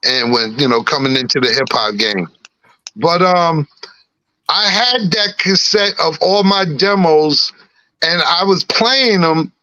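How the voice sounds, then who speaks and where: A middle-aged man with a slight lisp, talking in a relaxed, laughing way on a podcast. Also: on the high side, slow, low-quality recording. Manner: laid-back, laughing, peppered with "you know what I'm saying". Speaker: guest rapper. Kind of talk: casual podcast chat.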